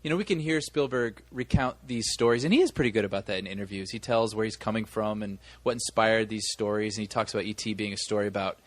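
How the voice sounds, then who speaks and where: A man's voice: on the low side, fairly even intonation, quick pace, few pauses, no room sound. A man co-hosting a movie podcast, telling a long story in casual chat with many restarts. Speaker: podcast co-host.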